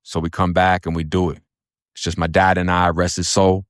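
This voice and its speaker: A man's voice: low voice, flat delivery, moderate pace, clear, resonant tone, dry recording, studio quality. A man telling his own story in a casual, blunt, profane way of talking, slipping into acted voices when he quotes others. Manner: blunt, profane street talk. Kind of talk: casual first-person storytelling.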